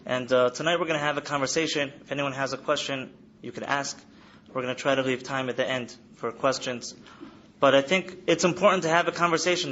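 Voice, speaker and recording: A man's voice: mid-range voice, pushed and bright, lo-fi sound, a little hiss or hum. A man in his thirties who speaks to a hall of students about coping trauma, in an earnest lecture style that repeats its key phrases. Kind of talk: lecture to an audience. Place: study hall.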